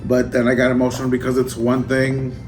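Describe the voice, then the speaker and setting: A man in a casual unboxing vlog who talks in an emotional, halting way, choking up and trailing off. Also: medium pitch, monotone. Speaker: vlogger. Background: music.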